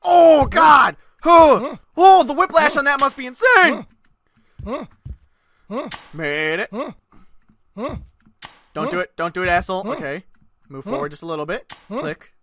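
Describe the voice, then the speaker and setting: A gaming channel host giving let's-play commentary, excitable, yelling and swearing at the game. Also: high-pitched, slow pace, long pauses, slight background noise.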